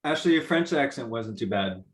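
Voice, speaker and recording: A man's voice: mid-range voice, expressive, normal speed, distant mic. Brief: friendly man from Quebec, roomy sound, sitting back from the mic. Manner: friendly, curious, hesitant phrasing. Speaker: call participant asking a question.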